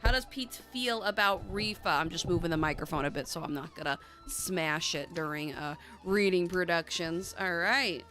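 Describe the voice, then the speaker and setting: A woman's voice: on the low side, moderate pace, hardly any pauses, bright, forceful tone, faint music behind. A chatty woman hosting a casual tarot livestream, bubbly and swearing freely. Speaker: tarot reader and livestream host.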